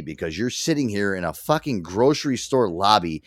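A man hosting a talk show, telling a story in a loose, profane, animated way. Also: on the low side, fairly quick, hardly any pauses, no room sound, studio quality. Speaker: radio show host. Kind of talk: casual chat.

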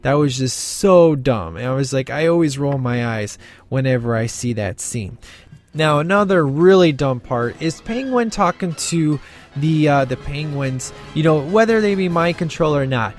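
A man's voice: fairly high pitch, expressive, normal speed. Man, casual film reviewer, rambling chatty delivery, faint music underneath. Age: adult with a child. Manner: rambling, lots of fillers and restarts.

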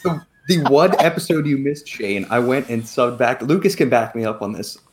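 A man's voice: mid-range voice, animated, normal speed, background noise. A man hosting a podcast in a casual, teasing way, often laughing. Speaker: podcast host.

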